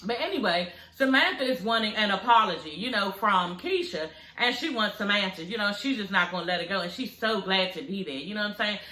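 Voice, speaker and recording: Sassy woman doing a tv recap, talks to y'all, crisp bright voice, roomy echo. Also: mid-range voice, expressive, a little fast, few pauses. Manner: sassy, gossipy, profane, addresses viewers as y'all. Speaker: reality TV recap vlogger. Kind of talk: casual recap vlog.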